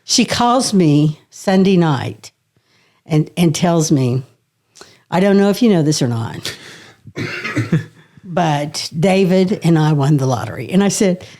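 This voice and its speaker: A middle-aged woman tells a story with lively energy and frequent laughter, her voice sitting a little low. She lets a swear word slip now and then in a relaxed, casual podcast chat. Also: slow pace, long pauses. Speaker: podcast guest.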